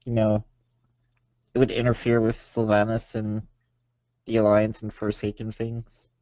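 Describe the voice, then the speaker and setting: A man co-hosting a casual podcast, asking questions in short, flat interjections. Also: on the low side, measured pace, no room sound. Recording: dull dry lo-fi audio.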